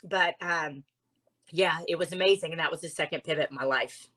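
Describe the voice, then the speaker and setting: A woman from Louisiana, a guest author and speaker, telling her story in an expressive, earnest conversational way. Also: deep voice, fairly quick, rough recording.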